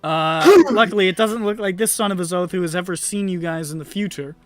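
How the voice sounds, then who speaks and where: A man narrating a tabletop role-playing game as game master, animated and often laughing. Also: sits high, a little fast, no echo, soft background music.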